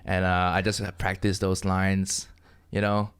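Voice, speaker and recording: A man's voice: low voice, monotone, unhurried, a bit bright, clean tone. A man from Malaysia, a podcast guest chatting casually in a dry, teasing way. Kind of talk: casual comedic chat.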